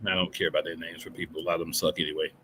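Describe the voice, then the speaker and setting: A man's voice: deep voice, level tone, very fast, bright, forceful tone, slightly rough. A man co-hosting a casual wrestling podcast, blunt and dry with a sarcastic edge. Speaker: podcast co-host.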